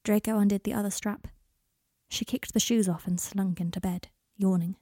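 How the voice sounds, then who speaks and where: Audiobook narrator: woman, half-whispered and husky, dry close recording. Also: mid-range voice, steady tone, moderate pace, dark tone, dry recording. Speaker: story reader.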